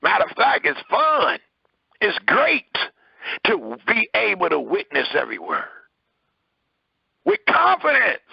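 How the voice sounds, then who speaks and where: A man's voice: wildly swooping pitch, a little slow, vocal fry, husky, no echo, muffled recording. A man preaching a sermon, reading scripture aloud and pressing hard on his words. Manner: emphatic, preaching with rising and falling pitch.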